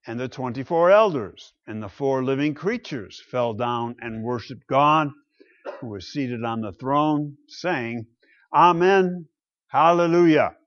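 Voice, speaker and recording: A man preaching a sermon slowly and deliberately, reading scripture and telling history with dramatic pauses. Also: medium pitch, a bit bright, no echo, dull audio. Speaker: pastor.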